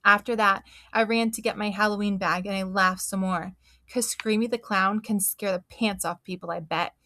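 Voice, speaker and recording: A woman reads a children's book aloud, expressive and animated in her storytelling. Her voice is mid-range, her pace moderate, and there's no room sound.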